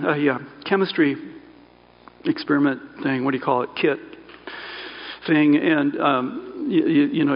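A pastor delivers a loose, conversational sermon, correcting himself mid-sentence and tossing in asides. His voice is on the high side with vocal fry, and the sound is dull with long hall reverb.

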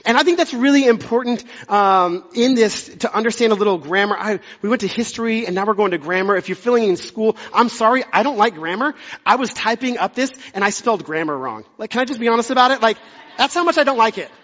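Young man, pastor, casual sermon, high voice, long hall reverb. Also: animated, fast, a bit bright, muffled recording. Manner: conversational, self-deprecating, jokey asides. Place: church sanctuary.

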